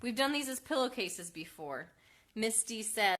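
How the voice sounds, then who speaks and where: A mother hosting a home craft livestream, with a bright, clear tone that carries well. She talks in a loose, chatty way, full of ums and quick self-corrections, while reading out viewer comments. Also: fairly high pitch, lively intonation. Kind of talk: casual live demo, reading viewer comments. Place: at home with her kids.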